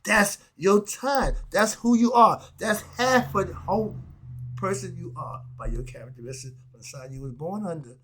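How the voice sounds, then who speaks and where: A man's voice: sits high, lively intonation, moderate pace, a bit bright, a little hiss or hum. A man, delivering an emphatic, casual monologue full of rhetorical questions and short laughs. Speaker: philosophy vlogger.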